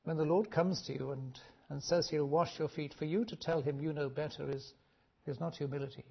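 A preacher from Wales, giving an earnest, measured sermon with frequent restarts, on a dull lo-fi recording. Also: male voice, on the high side, fairly even intonation, creaky, breathy edge.

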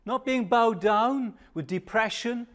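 An older man preaching a sermon, measured and emphatic, dropping to a hush on reflective pauses. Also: very high voice.

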